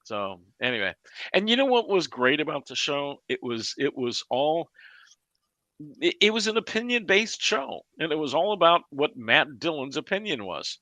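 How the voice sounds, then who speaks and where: Male podcast co-host, bright tense voice, dry sound, rambling. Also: fairly high pitch, sing-song, normal speed, dry recording. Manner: laughing, rambling with repeats. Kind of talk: casual chat.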